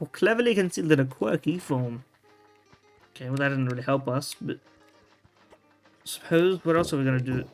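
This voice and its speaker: A man giving casual gameplay commentary, rambling and restarting his sentences, with loose slang and the odd swear word. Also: fairly high pitch. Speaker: video game streamer. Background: faint game music.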